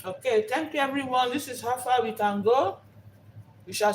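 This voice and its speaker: A woman's voice: fairly high pitch, normal speed, slight background noise. A woman hosting a live cooking vlog, talking unhurriedly and repeating herself while she savors the food. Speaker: cooking show host.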